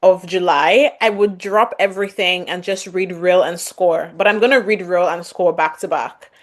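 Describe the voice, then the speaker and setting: A woman co-hosting a book podcast, chatting casually with enthusiastic bursts and frequent swearing. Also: fairly low pitch. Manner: enthusiastic, swears freely, fast bursts of excitement. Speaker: podcast co-host. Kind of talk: casual chat.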